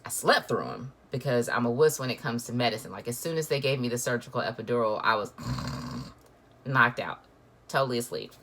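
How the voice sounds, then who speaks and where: A woman's voice: rumbling low, very animated, normal speed, a bit bright. A woman, telling a personal story in a chatty, emotional way full of fillers. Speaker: vlogger.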